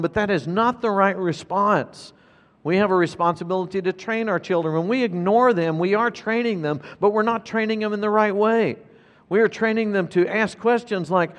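Emphatic pastor preaching in a reverberant hall. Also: male voice, high voice. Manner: emphatic, repeats key phrases. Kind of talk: sermon.

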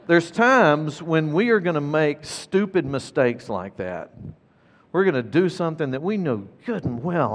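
Earnest pastor preaching in an echoing hall. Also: male voice, fairly high pitch, sing-song, measured pace. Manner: earnest, emphatic, repeats key points. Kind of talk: sermon. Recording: long reverb of a large hall.

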